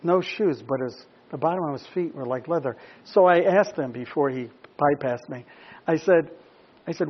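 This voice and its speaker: A man's voice: fairly high pitch, normal speed, breathy edge, highs cut off. A man preaching a sermon, reading scripture and pressing his listeners with repeated questions. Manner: rises from quiet explanation to emphatic questioning. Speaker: pastor.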